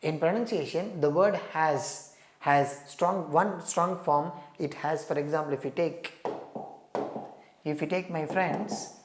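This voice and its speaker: A man's voice: on the high side, takes it slowly. A man with a Telugu-influenced Indian English accent teaches an exam-prep lesson in an emphatic, repetitive way and keeps calling his listeners "my friends". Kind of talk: recorded lecture. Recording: echoey room.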